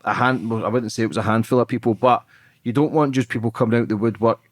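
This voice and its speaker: A man's voice: medium pitch, steady tone, fast, no echo, studio quality. A man hosting a podcast and asking casual, probing interview questions. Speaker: podcast host.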